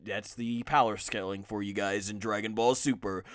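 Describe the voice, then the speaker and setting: A man's voice: lowish voice, fairly even intonation, moderate pace, no room sound. A man co-hosting a casual review discussion, recapping scenes with many fillers. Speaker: anime reviewer, co-host.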